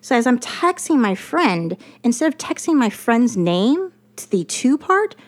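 A woman telling a story about her work in casual chat, animated and profane, acting out what others said. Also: fairly high pitch, measured pace. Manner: animated, profane, quotes others in lively voices.

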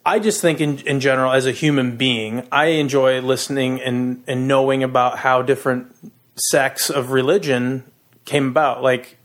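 A man's voice: medium pitch, fairly even intonation, moderate pace. A man co-hosting a podcast, chatting casually and rambling with frequent restarts. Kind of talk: casual chat.

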